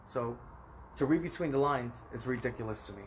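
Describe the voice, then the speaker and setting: Casting: American man, 30s, rambling phone vlog, plain middle pitch, speaks straight to camera. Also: a little fast, a little hiss or hum. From United States. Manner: rambling, emphatic, talks straight at the viewer. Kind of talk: personal vlog monologue.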